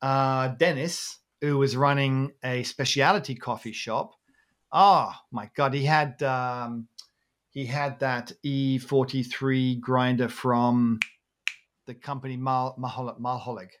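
A man hosting a relaxed podcast chat, rambling and self-deprecating, laughing often as he talks. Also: medium pitch, slow pace. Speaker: podcast host. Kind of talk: casual chat.

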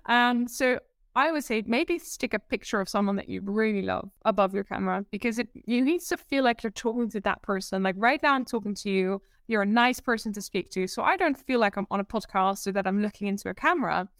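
A woman presentation coach being interviewed over a video call, talking in an animated, emphatic way and acting out the people she quotes. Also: mid-range voice, fairly quick, dry recording, clean studio sound. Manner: expressive, emphatic, acts out quotes. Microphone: video call setup.

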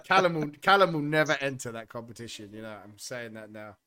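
A man's voice: medium pitch, lively intonation, fast talker, bright, forceful tone, clear, resonant tone. A man co-hosting a podcast, trading crude jokes and banter in casual chat. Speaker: podcast co-host.

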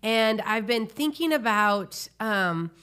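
A woman's voice: a little high, lively intonation, slow, a bit bright, clean tone. A woman pastor co-hosting a casual faith talk show. She speaks in an earnest, reflective way and uses many fillers. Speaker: pastor and co-host.

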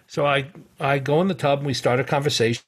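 A man's voice: medium pitch, steady tone, fast, breathy edge. A middle-aged man, a podcast guest, telling a long anecdote in a rambling way with many fillers, restarts and chuckles. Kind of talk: casual anecdotal storytelling.

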